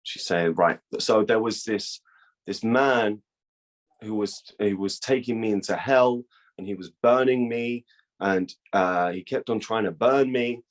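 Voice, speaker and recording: A young man tells a long tale in loose, swearing chat. His voice sits a little low, and he slips into the voices of the people he quotes. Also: a little slow. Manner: profane, animated, acts out quoted dialogue. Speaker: guest. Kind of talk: casual storytelling.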